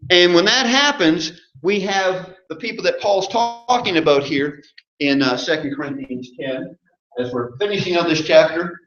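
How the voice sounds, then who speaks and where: A man whose voice sits on the high side, a bit bright, preaches an interactive sermon in a church sanctuary, with slight background noise audible. He poses questions to the congregation and jokes as he speaks. The recording is roomy and muffled.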